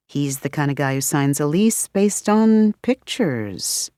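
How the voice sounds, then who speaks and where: A woman narrating an audiobook in a measured, expressive reading style. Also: low voice, no echo, clean studio sound. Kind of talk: scripted narration.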